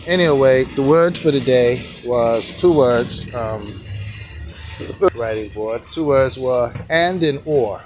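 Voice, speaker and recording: Slow, rambling man on a sidewalk. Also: mid-range voice. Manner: rambling, counts strokes aloud slowly. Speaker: monk running a sidewalk tea stand. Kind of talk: casual vlog lesson, writing characters. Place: outdoor sidewalk stand by a street.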